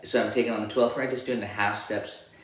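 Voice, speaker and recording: A man giving a relaxed guitar lesson, explaining rhythms and singing them out as counted syllables. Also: fairly low pitch, a little fast. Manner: counts beats and sings rhythms with "da, da" between explanations. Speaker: guitar teacher. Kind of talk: casual music lesson. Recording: echoey room with loud guitar playing. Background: his own guitar playing.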